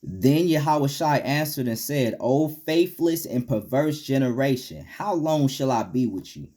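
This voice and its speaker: A man teaching a Bible lesson in casual street slang, reading verses aloud and ending many phrases with "man," shifting from loud rebukes to low, quiet asides. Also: expressive, a little slow. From United States.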